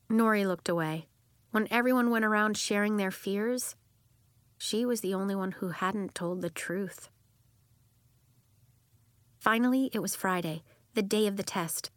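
A woman narrates a children's novel in a close, dry studio sound. Her pitch sits in the middle, and she keeps a steady storytelling pace. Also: dry recording. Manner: acts out children's voices with lively pitch jumps. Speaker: audiobook narrator.

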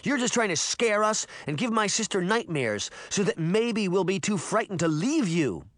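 A man voicing a defiant young girl who yells and rages in a raised voice. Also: high-pitched, animated, normal speed, dry recording, pitched above the performer's own voice. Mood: raging. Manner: shouting, raging.

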